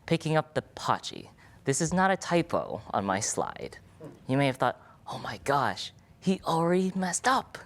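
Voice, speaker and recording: A man in his twenties, a medical student giving a playful, energetic live talk to an audience in an event room. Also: fairly low pitch.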